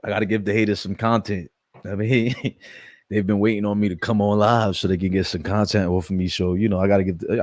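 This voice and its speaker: A man's voice: lowish voice, little pitch movement, brisk, a little mellow, no echo, clean studio sound. A man, hosting a casual live stream, brash, profane and joking as he talks to his chat.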